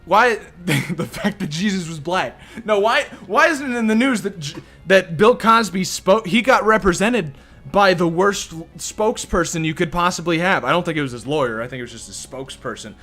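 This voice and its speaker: A young man rambles through casual game commentary, incredulous and given to swearing. His voice sits high and bright, swinging widely in pitch, with faint music playing under him. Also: lively intonation, normal speed. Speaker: let's play host.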